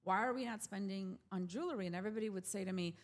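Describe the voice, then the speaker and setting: A woman's voice: mid-range voice, very fast. A woman in her forties, a jewelry brand founder, telling her story in a casual interview and acting out the voices of the people in it. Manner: animated, acts out quoted voices.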